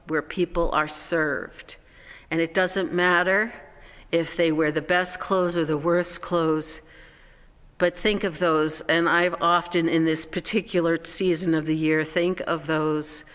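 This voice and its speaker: Pastor preaching, slow and gentle, mid pitch, long church reverb. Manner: slow, gentle preaching, falling soft at phrase ends. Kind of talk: sermon. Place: church sanctuary. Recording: echoey church hall.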